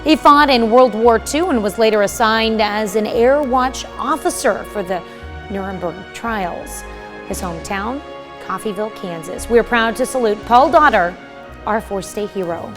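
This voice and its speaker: A woman morning news anchor reading scripted stories in a crisp, friendly manner. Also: on the high side, normal speed, over music.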